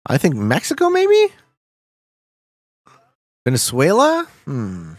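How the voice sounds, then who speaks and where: A man streaming a geography guessing game, chatting to viewers with loud hype bursts and quiet muttering while he thinks. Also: a little high, huge pitch swings, slow pace, no room sound, studio quality. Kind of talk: casual gameplay commentary.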